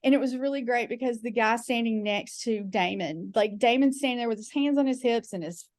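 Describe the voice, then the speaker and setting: A woman's voice: a little high, a little fast, darkish tone, no echo, clean studio sound. A woman telling frank, chatty comic stories as a podcast guest, with filler words and quoted voices. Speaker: guest comedian. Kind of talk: candid comic storytelling.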